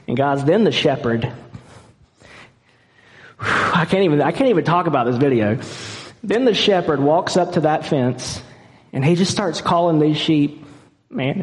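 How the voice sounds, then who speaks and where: A man's voice: on the high side, lively intonation, measured pace, long pauses. A man preaching a sermon as a pastor, earnest and impassioned, at times moved near tears. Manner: earnest and impassioned, growing emotional. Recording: long reverb of a large hall.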